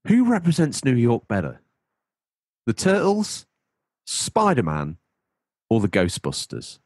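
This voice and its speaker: A man's voice: medium pitch, wildly swooping pitch, slow pace, darkish tone, no room sound. A man hosting a podcast, rambling playfully in casual chat. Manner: playful, rambling, breaks into silly put-on voices. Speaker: podcast host.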